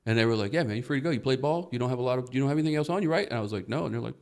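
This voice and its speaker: Profane, animated male storyteller. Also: medium pitch, very fast. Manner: profane, animated storyteller who acts out quotes. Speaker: guest comedian. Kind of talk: casual storytelling on a comedy podcast.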